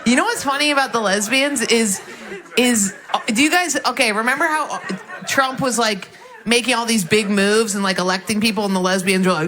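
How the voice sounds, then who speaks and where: A woman doing stand-up, telling stories in a dry way and mocking people with low, flat impressions. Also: a little fast. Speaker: stand-up comedian. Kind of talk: stand-up set. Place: comedy club stage.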